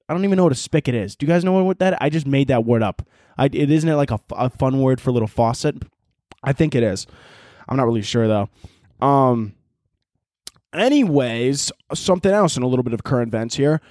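A man's voice: mid-range voice, lively intonation, fast, a little mellow, no echo, studio quality. A man hosting his own podcast, rambling through profane comic riffs and cutting himself off mid-thought. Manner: rambling, profane, self-interrupting. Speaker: podcast host. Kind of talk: casual comedic monologue.

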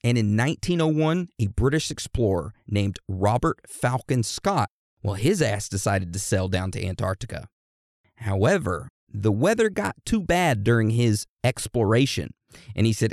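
Profane man telling history, lively pitch. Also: moderate pace, no room sound, studio quality. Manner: profane, irreverent, slangy; addresses listeners like a class. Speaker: storyteller explaining history. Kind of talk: crude comedic history lesson.

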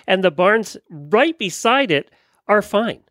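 A man's voice: high-pitched, expressive, slow pace, fairly bright tone, no echo, clean studio sound. Easygoing chuckling man host. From Florida. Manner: chuckling, easygoing, repeats for emphasis. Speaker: podcast host. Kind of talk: casual chat.

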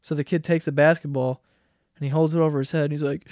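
A young podcast host, a man, rants in a profane, excitable rush, his voice sitting high and his throat sore from yelling. The sound is close and dry, with no room around it. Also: quick pace, dry recording. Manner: profane, excitable ranting with sudden loud outbursts. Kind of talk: solo comedic rant.

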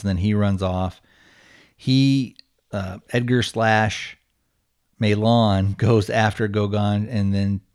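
A man with a somewhat low voice talks through a movie's plot in a loose, casual way. He rambles, restarts his sentences and leans on fillers as he goes. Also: a little mellow. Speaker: podcast host.

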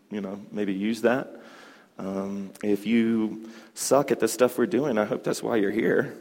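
Man, hoop instructor, rambling storyteller, laughs easily, voice ringing in a reverberant hall. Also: lowish voice. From Southern United States. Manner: chatty, animated, laughs a lot. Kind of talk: class talk with storytelling.

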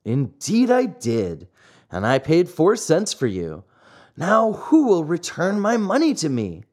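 A man voicing a grumpy, stingy old man in a storybook reading, slow and grumbling. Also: fairly high pitch, huge pitch swings, darkish tone, exaggerated voice.

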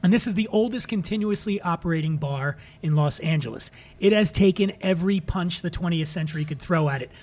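Jokey guy from philly hosting a booze podcast, fairly high voice, swears a lot. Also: a little fast, hardly any pauses, darkish tone. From Philadelphia. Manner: irreverent, jokey, profane. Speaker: podcast host. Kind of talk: casual podcast monologue.

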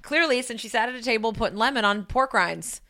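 A woman's voice: on the high side, brisk, sharp tone. A woman co-hosting a casual chat, wry, opinionated and sarcastic. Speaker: co-host.

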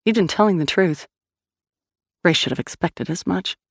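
A woman narrating an audio drama in a steady, measured storytelling voice. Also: fairly low pitch, gravelly, husky, dry recording, clean studio sound. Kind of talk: scripted narration.

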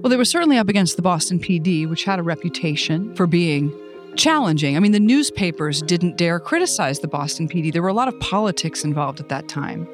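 Measured woman actor, interview guest. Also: lowish voice, lively intonation, soft background music. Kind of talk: interview chat.

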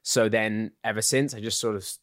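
A man's voice: on the low side, fairly quick, dry recording, studio quality. Chatty Englishman with an English accent. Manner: relaxed, chatty, full of "like" and "you know". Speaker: guest actor. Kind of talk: casual interview chat.

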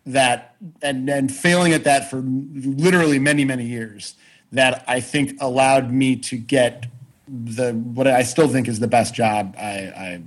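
Husky man telling rambling stories. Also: medium pitch, steady tone, unhurried, poor audio. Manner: rambling, self-deprecating, frequent restarts and swearing. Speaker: guest, actor and writer. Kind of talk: casual storytelling chat.

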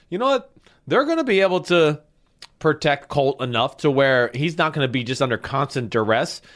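A man co-hosting a casual sports betting show, breaking down a game out loud with many fillers. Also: a little high. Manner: talkative, thinks aloud with fillers. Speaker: podcast co-host and analyst.

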